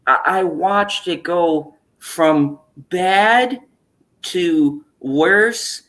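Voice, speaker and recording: A woman's voice: on the low side, very slow, a bit bright. A woman hosting a casual stream, ranting in a profane, exasperated way with frequent laughter. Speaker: streamer hosting an open chat.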